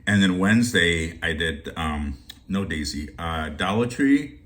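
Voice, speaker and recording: A man with a fairly low voice talks in a loose, rambling way, greeting his viewers like friends. He is a shopping deals vlogger chatting casually to camera. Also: lively intonation, a little slow, a bit bright.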